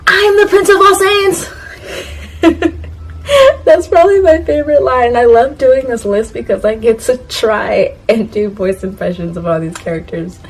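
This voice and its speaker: A woman's voice: on the high side, darkish tone, rough recording. A woman vlogging to camera in a casual, rambling way, laughing at herself and talking straight to her viewers. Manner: talks straight to her viewers, asks them to comment. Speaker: YouTuber ranking anime catchphrases.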